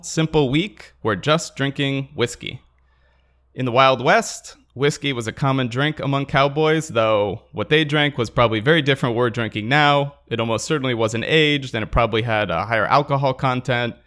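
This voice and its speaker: A man's voice: mid-range voice, normal speed, fairly bright tone. Dry, teasing male podcast co-host. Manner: dry, teasing delivery with mock-formal intros. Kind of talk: casual podcast chat.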